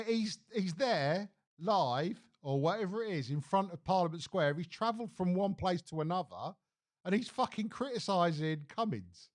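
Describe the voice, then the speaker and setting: A man hosting a live stream, ranting bluntly about the news with lots of swearing. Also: high-pitched. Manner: blunt, animated, swears freely. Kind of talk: casual opinion rant on a live stream.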